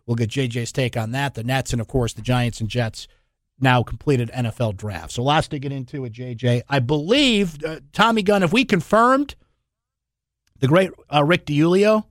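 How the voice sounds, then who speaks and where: A man hosting a sports talk radio show in a studio, chatty and energetic, laughing often. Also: medium pitch, moderate pace, dry recording.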